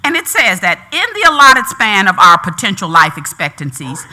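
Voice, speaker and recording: A woman's voice: mid-range voice, very animated, moderate pace, pushed and bright. A woman preaching a sermon in a call-and-response style, repeating phrases with rising emphasis.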